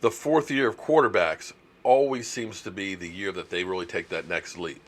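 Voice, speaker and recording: A man's voice: low voice, moderate pace. A middle-aged man, hosting a casual live stream, chatty and reading viewer comments aloud. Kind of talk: casual live stream chat about football.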